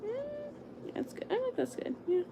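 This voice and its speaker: A young woman livestreaming from home at night, casually chatting to viewers as she draws lettering and talking herself through each step, sometimes in a hushed whisper. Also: very high-pitched, sing-song, a little slow, vocal fry, noisy background. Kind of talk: casual livestream chat while drawing.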